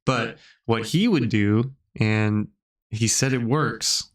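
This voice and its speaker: A man's voice: on the low side, takes it slowly, roomy sound. A man co-hosting a podcast in casual chat, telling stories in a rambling way with false starts. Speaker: podcast co-host.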